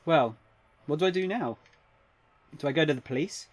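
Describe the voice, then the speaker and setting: Brief: male streamer reading a bewildered young heroine from game text, plain reading, lightly raised pitch. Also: lively intonation, moderate pace, husky. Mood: worried. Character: young woman narrating her own puzzled predicament.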